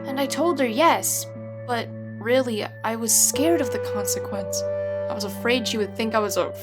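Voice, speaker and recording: A woman voicing a troubled, stubborn teenage girl in a fan-made animated movie, moody and quick to lash out, with soft music behind. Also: a little high, lightly acted. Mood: sulky. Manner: sulky, then shouting in anger.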